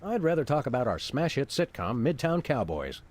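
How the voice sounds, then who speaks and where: An actor voicing a calm, verbose dog detective in a video game, with a deadpan, wordy delivery. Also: male voice, medium pitch, moderate pace.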